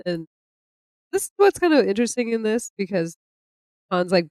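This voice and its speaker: A woman co-hosting a podcast, retelling a comic in casual chat, animated and laughing often as she acts out the characters' lines. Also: mid-range voice, moderate pace, pauses often, no room sound. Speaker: podcast co-host.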